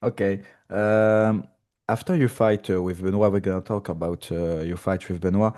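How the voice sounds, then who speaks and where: A man's voice: sits low, fairly even intonation, warm tone. A man with a French accent, a French native speaker, hosting an interview and asking questions in hesitant English. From France. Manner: halting, hesitant English with pauses. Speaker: interviewer, host.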